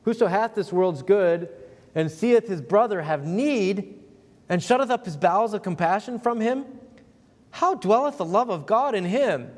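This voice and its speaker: Pastor, male, high-ish voice, emphatic conversational sermon delivery, long church reverb. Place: church sanctuary.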